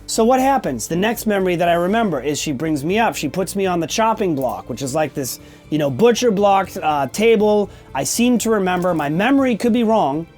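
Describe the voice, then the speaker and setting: A man's voice: sits high, sing-song, a little fast, darkish tone, soft background music. A man in his forties hosting a podcast, telling a candid personal story in a blunt, emphatic way, often checking in with "okay?" and swearing casually. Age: 40s. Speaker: podcast host.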